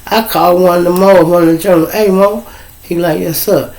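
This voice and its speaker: Telling family tales in an easygoing monologue, this middle-aged host from Chicago talks fast with a creaky, somewhat high-pitched voice. His lively, foul-mouthed delivery includes impressions of the people he quotes, captured on a low-quality recording.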